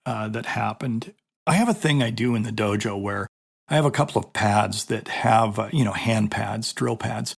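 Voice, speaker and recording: A man's voice: mid-range voice, creaky, slightly rough. A middle-aged man, a martial arts instructor, chatting casually and telling a story with lots of fillers. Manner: storytelling, conversational, many fillers. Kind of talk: casual monologue.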